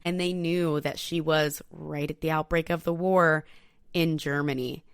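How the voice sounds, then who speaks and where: A woman hosting a podcast, telling a history story in a casual, profane, animated way and talking straight to her listeners. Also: low voice, gravelly, dry recording, clean studio sound. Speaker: podcast host.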